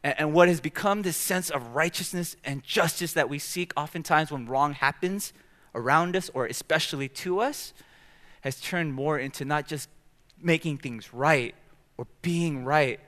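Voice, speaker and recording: A young man preaching a sermon as pastor, telling stories in an animated way in a church. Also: a little high, unhurried. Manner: animated storytelling, acting out quoted outbursts. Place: church sanctuary.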